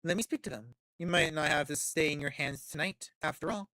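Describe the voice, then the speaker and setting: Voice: medium pitch, fairly quick, sharp tone, no echo, clean studio sound, lightly acted. A streamer reading as a poised vampire patroness. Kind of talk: reading game dialogue aloud.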